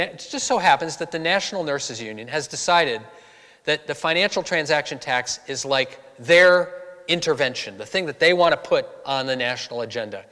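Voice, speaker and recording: A man from giving a talk to an audience, telling stories and acting out the voices of people he quotes. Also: medium pitch. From Boston area, USA. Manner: animated storyteller, acts out quoted voices. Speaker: author giving a public talk. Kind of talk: storytelling speech to an audience. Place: church hall. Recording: long hall reverb.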